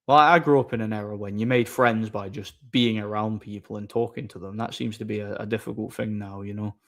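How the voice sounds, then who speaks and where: A man's voice: lowish voice, steady tone, fairly quick, a bit bright. A man chatting casually on a live stream, reading viewer messages aloud, rambling with repeated words and frequent laughter.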